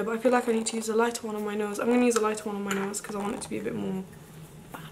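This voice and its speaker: A young woman talks to camera while doing her makeup, her voice sitting a little high. She gushes and gasps, dropping into breathy asides, with faint background noise. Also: fast. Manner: gushing and excitable, gasps and breathy exclamations. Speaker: beauty vlogger. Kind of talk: makeup tutorial, casual chat to camera.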